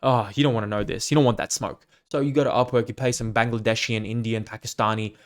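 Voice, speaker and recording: A man's voice: fairly low pitch, steady tone, fast talker. A man hosting his own podcast as a coach, giving a blunt, profane, emphatic unscripted rant. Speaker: fitness coach and podcast host.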